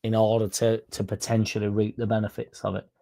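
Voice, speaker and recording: Casting: male fan-channel host, gravelly, rambling, sweary live-chat delivery. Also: fairly low pitch, monotone, brisk, warm tone. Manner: rambling, self-interrupting, sweary. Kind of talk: casual live-stream chat reading comments.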